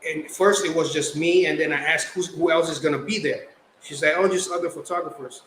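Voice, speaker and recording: A young man from the Philippines, a guest artist telling stories in casual chat, animated and slangy. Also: on the high side, brisk. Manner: animated, slangy, acts out quotes. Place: podcast studio. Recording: roomy echo, faint background noise.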